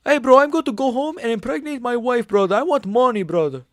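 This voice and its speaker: A man doing a brash, shrill-voiced fighter. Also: quick pace, no echo, clean studio sound. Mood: boisterous. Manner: shouty, clipped phrases ending in "brother". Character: brash high-pitched male fighter impression.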